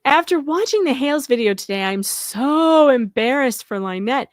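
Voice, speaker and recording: Woman cohost, high voice, sarcastic and blunt, dry mic. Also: animated, moderate pace, no room sound. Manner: blunt, sarcastic, exclaims often. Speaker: co-host guest. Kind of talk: casual commentary chat.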